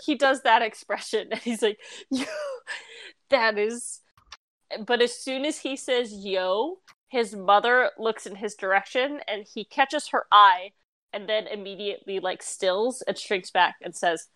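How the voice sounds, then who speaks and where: A woman running a tabletop game as game master, narrating in a lively, chatty way. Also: mid-range voice, moderate pace, no echo. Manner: lively, chatty, with laughs and fillers.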